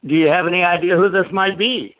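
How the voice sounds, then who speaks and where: A man's voice: high voice, steady tone, fast, fairly bright tone, no room sound, low-quality recording. A man calling in to a talk show, chummy and joking with the host. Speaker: caller. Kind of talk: casual phone call.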